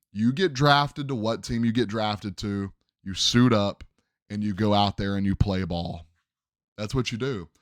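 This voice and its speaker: A man's voice: lowish voice, no room sound, studio quality. A man hosting a solo sports podcast, emphatic and opinionated, often calling out to his listeners. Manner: emphatic, opinionated, addresses "ladies and gentlemen". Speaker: podcast host.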